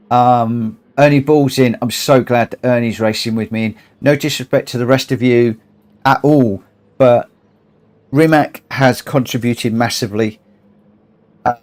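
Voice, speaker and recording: A man's voice: medium pitch, darkish tone. A tired man hosting a long charity gaming livestream, chatting casually, rambling and repeating himself as he gets emotional. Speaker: livestream host.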